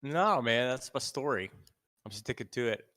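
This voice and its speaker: A man's voice: medium pitch, animated, moderate pace, a bit bright. A man playing a tabletop game, laid-back and a little flustered. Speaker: player. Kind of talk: casual tabletop game chat.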